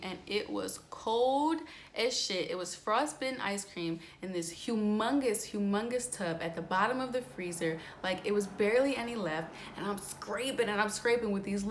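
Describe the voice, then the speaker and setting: A woman's voice: mid-range voice, fairly bright tone. Young female vlogger, mid-range voice, chatty and candid, lots of fillers, light background noise. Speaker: astrology vlogger. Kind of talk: casual storytelling vlog.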